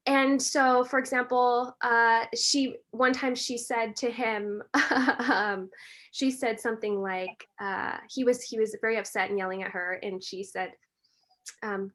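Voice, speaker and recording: A woman, a breathwork and meditation teacher, talking earnestly and warmly as a podcast guest in a reflective, gently spiritual way. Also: a little high, steady tone, unhurried. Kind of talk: reflective conversational talk.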